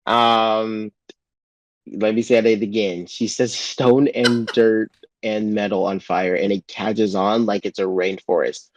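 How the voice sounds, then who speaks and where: Chatty low-voiced man, dry close sound. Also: no echo. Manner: rambling, full of "like" and restarts, acts out quotes in a raised voice. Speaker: podcast co-host. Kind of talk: casual chat recapping a TV episode.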